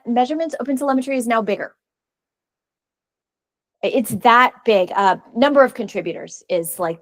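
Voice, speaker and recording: Woman speaker at a tech meetup, relaxed chatty delivery, mid-pitched, dry recording. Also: no echo. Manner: casual, chatty, frequent fillers and restarts. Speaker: conference speaker. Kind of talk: technical presentation. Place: meeting room.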